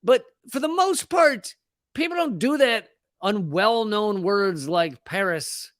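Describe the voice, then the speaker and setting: A man's voice: high voice, animated, slow, a bit bright, no room sound. An American man hosting his live show, riffing sarcastically on the news and stumbling into restarts as he jokes. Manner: sarcastic, riffing, mocks pronunciations; frequent restarts and laughs. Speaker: comedian host of a live show. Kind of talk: casual ranting commentary.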